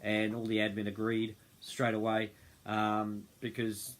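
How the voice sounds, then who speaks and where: A man's voice: fairly low pitch, monotone, unhurried. A man hosting an unscripted livestream, rambling and often losing his train of thought. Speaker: host of a group livestream. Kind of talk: unscripted casual livestream talk.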